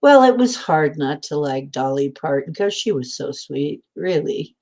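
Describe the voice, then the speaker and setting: Slow, low-voiced woman rambling. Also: animated, a little mellow. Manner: meandering, chatty, many fillers. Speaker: host. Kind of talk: rambling casual chat.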